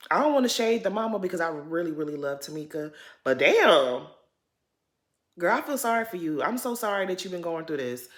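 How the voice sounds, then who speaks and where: Woman vlogger, bright tone, AAVE speech, animated and gossipy. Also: medium pitch. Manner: animated, chatty, slangy commentary. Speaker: reality TV recap vlogger. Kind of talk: casual chat.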